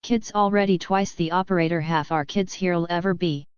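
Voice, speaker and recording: A woman voicing a rough, growling Canadian man in a storybook reading, with a dry, slightly dull recording. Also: fairly low pitch, fairly even intonation, fairly quick, dry recording, lightly acted. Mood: gruff. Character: rough gruff grinning adult male mutant, Canadian.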